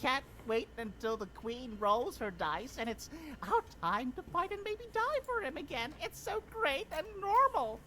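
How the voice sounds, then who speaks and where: A woman's voice: lively intonation, unhurried, fairly bright tone, a little hiss or hum. An actress playing a sarcastic female retainer in a video game, mocking her lord with dry irony. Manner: dry sarcasm, exaggerated swings in pitch. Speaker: game character.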